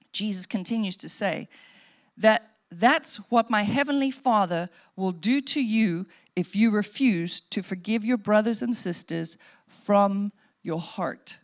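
A woman pastor with a high-pitched voice delivers a sermon. Her preaching is conversational and earnest, with asides to the congregation and quoted lines woven in.

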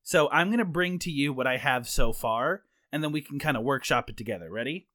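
A man's voice: medium pitch, brisk, pushed and bright. A man co-hosting a comedy podcast, talking in an eager, playful way. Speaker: podcast co-host.

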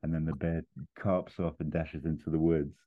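A man narrating a comedy film pitch in an animated way. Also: moderate pace. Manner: animated, laughs while telling the story. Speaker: podcast host pitching a film scene. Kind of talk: comic storytelling narration. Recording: tinny phone-like sound.

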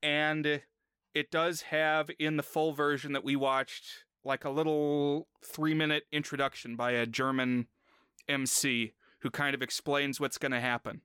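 A man's voice: fairly high pitch, level tone, a little slow, bright, forceful tone, clean tone, dry recording, clean studio sound. A man co-hosting a podcast in casual chat, retelling scenes from a comedy sketch. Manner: retells sketch scenes, briefly mimicking lines. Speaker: podcast co-host.

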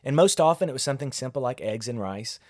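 Candid pastor, dry close sound. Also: male voice, mid-range voice, lively intonation, fast talker, a little mellow, no room sound. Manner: candid, self-deprecating, conversational with frequent restarts. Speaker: pastor and podcast host. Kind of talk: reflective solo podcast talk on parenting.

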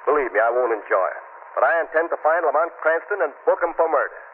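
An actor playing a stern police commissioner who speaks firmly and with regret, in 1940s radio acting. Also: male voice, on the high side, expressive, fast, noisy background, lightly acted. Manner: firm, regretful. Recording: tinny old radio broadcast.

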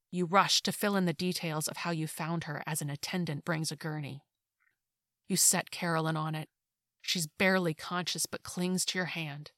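A woman reading a second-person short story aloud in a hushed, intimate way that often drops to a whisper. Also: fairly low pitch, moderate pace, no echo, clean studio sound. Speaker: story narrator.

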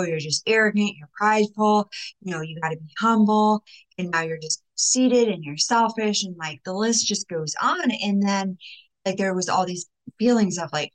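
A young woman talks straight to her viewers as a faith-based life coach, her voice lively and quick to jump in pitch. She speaks casually and with emphasis, peppering her sentences with "like" and "you know.". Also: poor audio. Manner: animated, emphatic, talks with many fillers like "like". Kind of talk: casual vlog talk to viewers.

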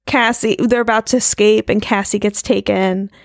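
A woman's voice: medium pitch, fairly even intonation, normal speed, gravelly, dry recording, clean studio sound. A woman co-hosting a podcast in casual chat, trailing off and restarting her thoughts and laughing often. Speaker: podcast co-host.

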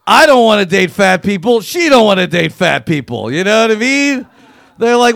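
A man performing a crude, profane stand-up comedy routine, riffing and acting out quotes with loud, punchy bursts. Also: high-pitched, sing-song, a little fast, gravelly, no echo.

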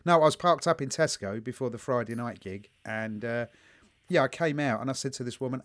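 A man co-hosting a podcast in casual chat. He tells stories in a loose, sweary way and acts out the people in them. His voice sits at an ordinary pitch. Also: a little fast. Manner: swearing, storytelling, animated quoting. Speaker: podcast co-host.

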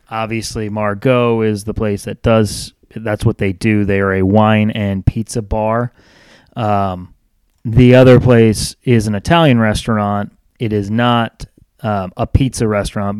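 A man's voice: lowish voice, a little mellow, clear, resonant tone, dry recording. A man hosting a casual solo podcast, rambling and upbeat, with lots of fillers and restarts. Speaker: podcast host.

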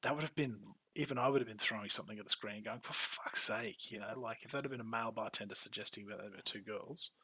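A man's voice: on the low side, breathy edge, poor audio. A man co-hosting a podcast recap, talking casually and animatedly, swearing freely and acting out characters' lines. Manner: animated, acts out characters' lines in quick bursts. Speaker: podcast co-host.

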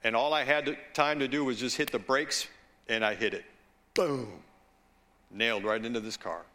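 With a medium-pitched, bright and forceful voice, a male pastor preaches slowly and deliberately, weaving in storytelling asides and calling for the congregation to agree.

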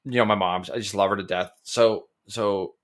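A man co-hosting a podcast, telling stories in a rambling, excitable way and tripping over his words. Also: fairly low pitch, normal speed. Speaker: podcast co-host. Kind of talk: casual chat.

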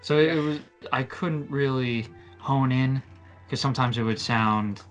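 Male tabletop player on a podcast, mid-pitched, halting delivery, dry self-mocking humor. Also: soft background music. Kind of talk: casual podcast chat.

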